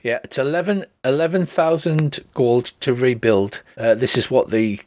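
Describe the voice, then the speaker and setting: A man narrating and chatting as game master of a tabletop game, relaxed and joking with many ums and restarts. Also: mid-range voice, moderate pace, dry recording. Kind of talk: running a tabletop game over voice chat.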